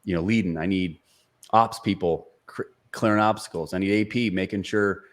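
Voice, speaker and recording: A very low-voiced man in his forties sits as a podcast guest. He tells stories in an earnest, motivational way, often restarting his sentences and leaning on fillers. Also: normal speed. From Seattle area. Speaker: podcast guest, sales speaker and author. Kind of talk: conversational storytelling interview.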